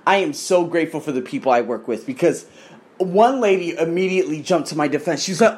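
Animated, profane man in his thirties. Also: fairly high pitch, a little fast. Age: 30s. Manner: animated, profane storytelling with mimicked voices. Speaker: coach. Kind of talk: casual vlog rant. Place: abroad in Thailand.

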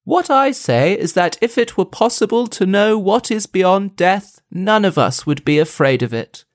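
A man's voice: high-pitched, animated, a little slow, dry recording, studio quality, voice pushed up. A man reading out the lines of an agreeable, philosophising army captain in a raised, musing voice.

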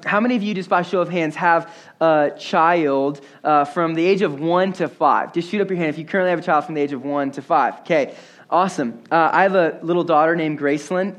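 Young man, pastor's sermon, relaxed and joking, with a slightly raised voice. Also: on the high side. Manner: casual, conversational, self-deprecating humor with many fillers.

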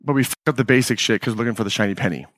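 A man's voice: medium pitch, very fast, a bit bright, no room sound, clean studio sound. A man hosting his own podcast, talking casually in a blunt, emphatic, swearing manner. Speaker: podcast host. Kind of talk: casual solo podcast monologue.

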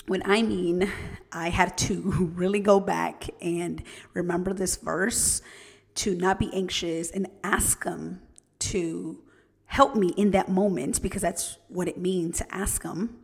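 A woman with a lowish, gravelly voice tells a personal story to her listeners, earnest and direct. Her voice hangs in a long reverb, as if in a large room. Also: steady tone, takes it slowly. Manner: earnest, personal, addresses listeners as "you guys".

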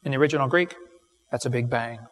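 A middle-aged man giving a live seminar lecture, telling folksy stories and firing off quick jokes to a live audience. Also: mid-range voice, slight background noise. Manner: folksy, wisecracking, quick storytelling with punchlines. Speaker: creation seminar speaker. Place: large hall with live audience. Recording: live recording in a reverberant hall.

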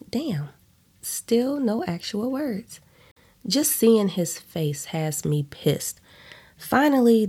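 A woman's voice: medium pitch, darkish tone. A woman reading a first-person story aloud in a blunt, profane way, stopping for side comments.

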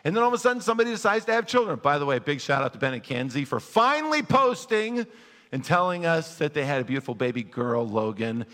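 Lively pastor preaching in a reverberant hall. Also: male voice, fairly high pitch, fast. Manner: conversational, asks the congregation questions and acts out worried voices. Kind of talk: sermon.

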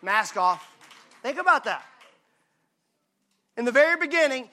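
Pastor guy, high bright tense voice, jokey lively sermon talk. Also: unhurried. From Mississippi, USA. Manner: lively, joking, conversational preaching.

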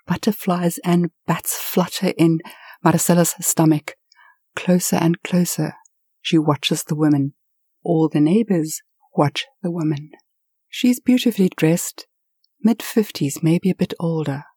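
A woman tells a story with lively, expressive swells. Her voice sits fairly low, with a dark, slightly husky tone. The sound is close and dry. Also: unhurried, no echo. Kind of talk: told story narration.

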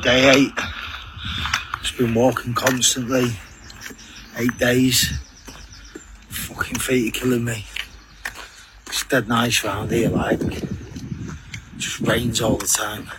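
A man's voice: medium pitch, level tone, takes it slowly, long pauses, heavy background noise. Weary, sweary man outdoors. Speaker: long-distance walker recording a video diary. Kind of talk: grumbling video diary. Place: outdoors on a walking trail.

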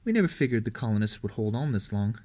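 A cheerful young mother with a new baby, as a man puts her on, her lines raised higher than the narration. Bright-spirited in a storybook reading. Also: very animated, fast talker.

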